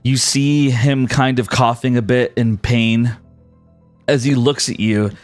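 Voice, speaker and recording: A man narrating as game master in a tabletop game, relaxed and full of fillers. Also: medium pitch, slow, dry recording, faint music behind.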